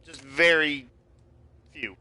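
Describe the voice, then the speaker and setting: A man's voice: a little high, fairly even intonation, takes it slowly, pushed and bright, no echo. A young man streaming a game, joking and rambling casually as he comments and laughs at the scenes.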